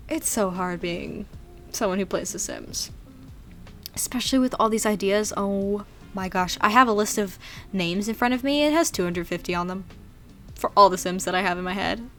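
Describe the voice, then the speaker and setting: A young woman, chatting and rambling in a casual voice-over about her game build, giggly and self-deprecating. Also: mid-range voice. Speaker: YouTuber narrating a game build.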